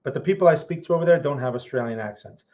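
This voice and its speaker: A man's voice: on the high side, very fast, a little mellow. A man with a New Jersey accent hosting a live stream of chart commentary, talking bluntly and frankly and often tagging on "right?". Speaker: market analyst host. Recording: slightly muffled lo-fi audio.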